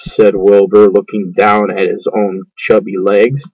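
Slow, measured man reading a storybook. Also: on the low side, level tone, darkish tone, husky, no echo, muffled recording. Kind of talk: children's book read-aloud.

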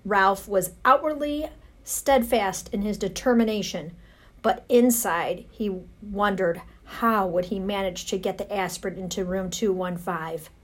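A woman reading a children's storybook aloud, gentle and unhurried. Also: medium pitch. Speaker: narrator.

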